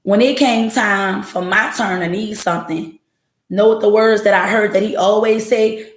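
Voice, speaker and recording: A podcast host on a home livestream setup speaks at a medium pitch, a little slowly and with fairly even intonation. Her voice is reverberant. She addresses her chat head-on, telling her story bluntly and with profanity.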